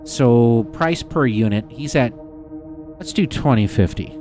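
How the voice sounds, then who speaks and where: A man streaming live gameplay, chatting excitedly and casually swearing as he talks to his viewers. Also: medium pitch, measured pace, music in the background. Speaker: game streamer. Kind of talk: live gameplay commentary to chat.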